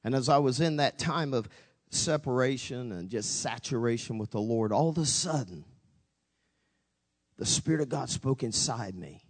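A man's voice: medium pitch, animated, normal speed, big-room sound. A pastor preaching a sermon, telling a story with dramatic swings, acting out both his own voice and God's. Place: church sanctuary.

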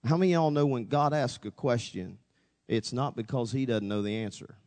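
A man's voice: mid-range voice, a little fast, a little mellow, big-room sound. A pastor preaching a sermon, telling a story with dramatic swings, acting out both his own voice and God's. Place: church sanctuary.

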